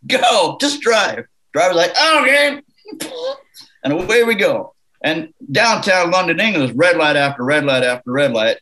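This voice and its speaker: A man from Canada sits in as a musician guest on a casual interview, spinning an anecdote with animated delivery and frequent laughter. His voice sits a little high for a man. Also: a little fast, hardly any pauses, low-quality recording.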